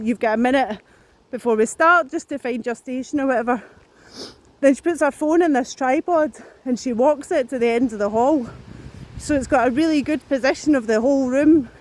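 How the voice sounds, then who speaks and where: A woman's voice: sits high, a little mellow. A woman rambling to camera while she walks outdoors, out of breath, with plenty of restarts and swearing. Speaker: vlogger. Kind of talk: casual talk to camera.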